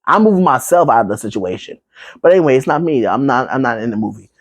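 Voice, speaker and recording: A man with a mid-range voice and big pitch swings, recorded dry, casually recaps a horror movie. He rambles with fillers and asides, now and then slipping into quick put-on voices for the characters.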